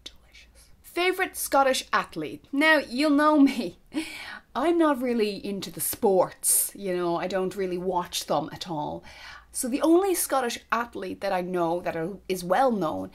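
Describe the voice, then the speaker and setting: A woman's voice: medium pitch, lively intonation, a little slow. Gushing Irish young woman vlogger. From Ireland. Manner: chatty, gushing, drops to whispers. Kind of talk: casual chat to camera.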